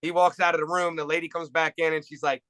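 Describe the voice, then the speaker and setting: A man telling a profane story with animated energy in a casual podcast chat. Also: a little high, fast talker, clean tone, no echo. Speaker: podcast co-host.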